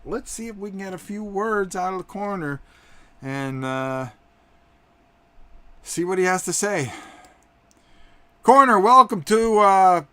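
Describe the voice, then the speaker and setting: A man hosting a live tabletop wrestling game, commentating in an excitable, rambling way with many fillers. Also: fairly high pitch.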